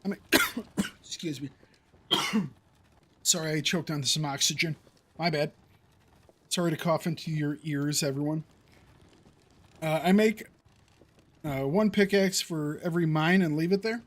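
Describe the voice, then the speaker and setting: A man's voice: a little high, a little slow, long pauses, a bit bright. A man streaming a survival game, chatting casually to his viewers and thinking aloud about his next moves. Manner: thinking aloud, talking to chat. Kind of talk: casual gameplay commentary.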